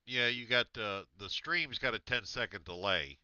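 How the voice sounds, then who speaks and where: A man streaming a farming game, talking casually through his in-game choices with halting restarts. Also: mid-range voice, bright, forceful tone, smooth, no echo, dull audio. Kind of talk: casual gameplay chat.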